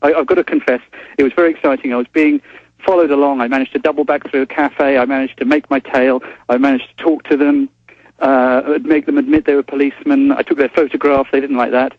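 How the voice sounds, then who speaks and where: A man's voice: mid-range voice, little pitch movement, fairly quick, dry recording. Man, English accent, phone-in guest, stammering, polite, dull telephone sound. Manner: hesitant, polite, stammering restarts. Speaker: journalist calling in as guest. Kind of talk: phone-in interview.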